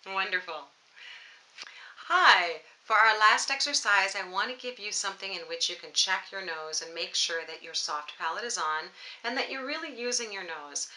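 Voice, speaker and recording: A woman voice teacher guides viewers through warm-up exercises, speaking close to her camera. Her voice is very bright and lively, swinging up and down in pitch as she coaches with a playful, encouraging manner. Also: normal speed, low-quality recording. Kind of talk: vocal warm-up lesson to camera. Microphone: camera mic, close framing.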